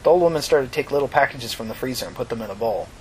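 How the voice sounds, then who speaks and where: A man narrating a novel chapter aloud in a brisk, expressive reading. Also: mid-range voice, a little hiss or hum, rough recording. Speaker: audiobook narrator.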